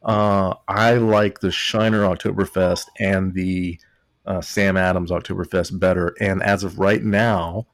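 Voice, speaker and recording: A man's voice: low-pitched, little pitch movement, measured pace, dry recording. A man co-hosting a podcast in casual chat, a little drunk, rambling through stories and laughing often. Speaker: podcast co-host, doctor.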